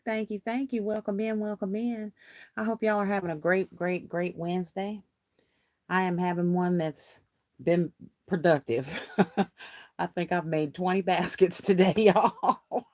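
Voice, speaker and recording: A woman's voice: mid-range voice, no room sound. Chatty woman hosting a craft livestream. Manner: chatty and folksy, laughs often, greets viewers warmly by name. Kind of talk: casual livestream chat, reading viewer comments aloud.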